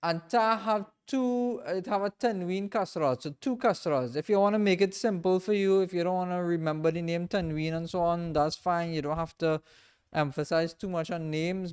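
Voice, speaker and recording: A man teaching a reading class in a mosque, patiently repeating and drilling each sound slowly for his students. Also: on the high side, fairly even intonation, darkish tone, clear, resonant tone. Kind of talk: classroom lesson.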